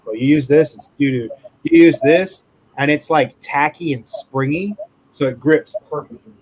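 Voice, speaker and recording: A man's voice: a little high, moderate pace, darkish tone, a little hiss or hum, low-quality recording. A man with a Southern US accent co-hosting a livestream in casual chat, loose and jokey, swearing freely and calling everyone dude.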